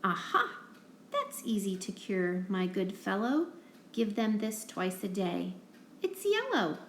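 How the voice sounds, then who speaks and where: A cheerful storybook vet hands out cures with brisk confidence, as a woman reads her aloud. The voice bounces lively and unhurried, in a room full of echo. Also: mid-range voice, slight background noise. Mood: confident. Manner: brisk, reassuring. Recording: roomy echo.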